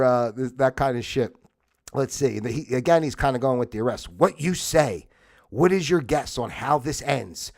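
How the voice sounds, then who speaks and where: A man hosting a casual solo livestream, rambling and sarcastic and laughing at his own jokes. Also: mid-range voice. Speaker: livestream host.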